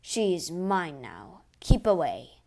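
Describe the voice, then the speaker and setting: A woman's voice: medium pitch, unhurried, a little mellow, lightly acted. A woman reading a storybook aloud and voicing a lonely masked male phantom who growls and sobs. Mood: menacing. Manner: growling, then sobbing.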